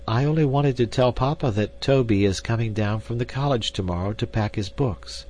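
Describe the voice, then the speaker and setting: A man's voice: mid-range voice, normal speed, darkish tone, a little hiss or hum, pitched above the performer's own voice, lightly acted. A man voicing a polite young woman. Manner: polite but firm. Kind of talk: audiobook character reading.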